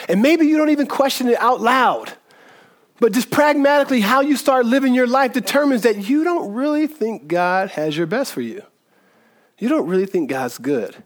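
A man preaching a sermon in a conversational way, often repeating words and checking in with "right?". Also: sits high. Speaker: pastor.

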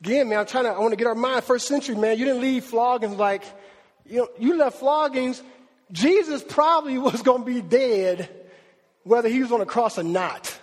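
A man delivers a casual, energetic sermon, slipping into slang and acting out the people in the story. His voice sits high and slightly husky, with long reverb from the hall around him. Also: normal speed. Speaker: preacher. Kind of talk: lively conversational sermon.

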